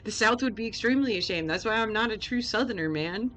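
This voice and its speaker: A woman's voice: on the high side, animated, quick pace, fairly bright tone, soft background music. A woman streamer talking casually and joking with chat while playing a game. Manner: chatty, joking, reacting to chat.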